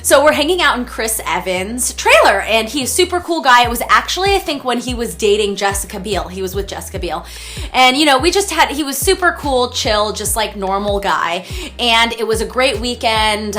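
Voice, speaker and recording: Woman, 30s, casual storytelling vlog, chatty, animated, bright voice, faint background music. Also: mid-range voice. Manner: chatty, animated, lots of fillers and acted-out exclamations. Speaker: celebrity wardrobe stylist telling stories.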